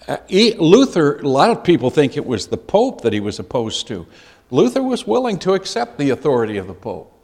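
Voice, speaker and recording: An earnest man teaches a Bible study, his pitch rising and falling with lively emphasis as he repeats key phrases. His voice carries a long reverb from a large hall.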